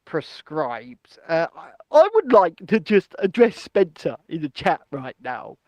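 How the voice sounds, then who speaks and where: A man co-hosting a casual chat show, explaining things in an animated way. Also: a little high, unhurried, no room sound. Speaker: co-host.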